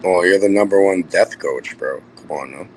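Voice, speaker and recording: A man's voice: low voice, moderate pace, slight background noise, poor audio. A man guest in a casual online chat, bantering in a mocking, crude way.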